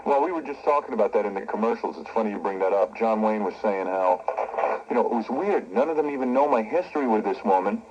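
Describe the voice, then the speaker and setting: On a dull cassette recording of a radio broadcast with background noise, a brash, joking talk-show host interviews a guest. His voice sits on the low side and is animated and fast.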